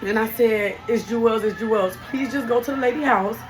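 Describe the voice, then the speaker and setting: A young woman tells a personal story to the camera in a raw, heartfelt voice that sits a little high. Her grief breaks through her voice. Soft music plays faintly behind her. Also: a little fast, low-quality recording. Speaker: hairstylist.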